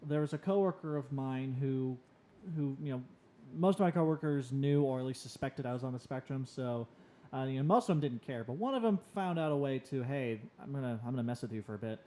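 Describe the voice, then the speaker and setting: A young man co-hosting a casual podcast, telling personal stories and getting animated when he quotes himself. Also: medium pitch. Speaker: podcast co-host on the autism spectrum.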